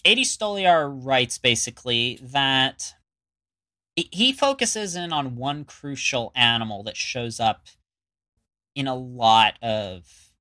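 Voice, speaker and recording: A man co-hosting a casual podcast, talking through his topic in a rambling way. He stops and restarts his sentences often and fills gaps with "uh" and "you know." His voice has a bright, forward tone. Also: mid-range voice, animated, slow pace. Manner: rambling with many fillers and restarts. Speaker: podcast co-host. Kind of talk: casual chat.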